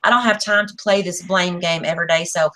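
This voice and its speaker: A woman's voice: lowish voice, a little fast, slight background noise. Blunt woman telling a story. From Oklahoma, USA. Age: adult. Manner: animated, blunt, acts out quotes. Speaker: panel guest. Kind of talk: casual storytelling chat.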